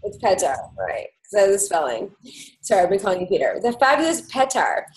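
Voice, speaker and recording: A woman's voice: mid-range voice, sing-song, brisk, a little mellow, slight background noise, rough recording. A woman hosting and moderating an online seminar in a loose, chatty way over a video call. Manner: chatty, loose, self-correcting. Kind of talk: casual webinar moderating.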